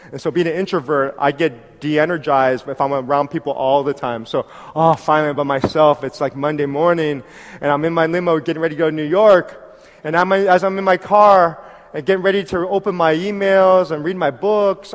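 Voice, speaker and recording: A man telling a story in a sermon, animated and acting out conversations with laughter. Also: fairly high pitch, moderate pace. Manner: animated, acts out dialogue with laughs. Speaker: preacher. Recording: long hall reverb.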